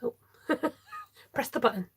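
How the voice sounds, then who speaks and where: Chatty woman crafting live. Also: measured pace. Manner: chatty, laughs often, reads out viewer votes. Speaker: card-making livestream host. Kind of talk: live crafting tutorial chat.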